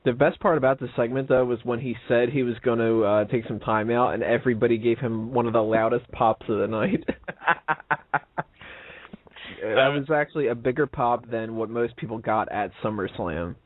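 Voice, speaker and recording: A tired man co-hosts a casual wrestling chat in a laid-back way, laughing easily. His mid-pitched voice comes through a dry, phone-like call line. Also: moderate pace, no room sound. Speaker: co-host. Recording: dry tinny call audio.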